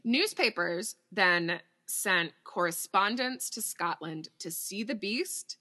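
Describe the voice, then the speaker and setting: A woman's voice: medium pitch, lively intonation, slow, sharp tone. A woman co-hosting a podcast, telling a story in casual chat, giggly and freely swearing as she reads out quotes.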